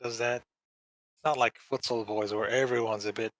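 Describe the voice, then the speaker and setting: A man's voice: mid-range voice, fairly even intonation, normal speed, no room sound, low-quality recording. Rambling slangy man, dry close sound. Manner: rambling, slangy, mimics characters in exaggerated voices. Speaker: podcast co-host. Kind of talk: casual podcast chat.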